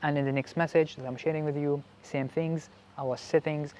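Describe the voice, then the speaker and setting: A male spiritual vlogger explains his experiences in relaxed, casual talk. He stops and repeats words while looking for how to say things. A faint hiss sits behind his voice. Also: a little high. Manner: halting, repeats words while searching for phrasing.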